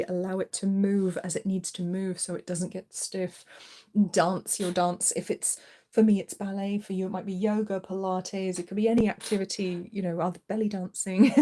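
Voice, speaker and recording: A middle-aged woman hosts a live tarot reading stream, talking listeners through the cards in a chatty, reassuring way. Her voice is warm and mellow, and she sits at a middle pitch. She sounds easygoing and encouraging. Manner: coos to her cat in a playful voice. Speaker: tarot reader and channel host.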